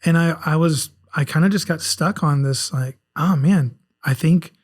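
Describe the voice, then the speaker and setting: A fortysomething guest author from South Carolina, with a faint Southern accent, speaks at normal speed in a breathy, somewhat high voice. The podcast is casual and riddled with restarts, and he matches it, rambling, restarting frequently, and reflecting candidly on himself.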